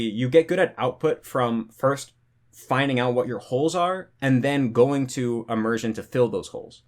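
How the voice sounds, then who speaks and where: A young man giving casual talking-head advice on language learning, relaxed and rambling, full of "you know" and "like". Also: medium pitch.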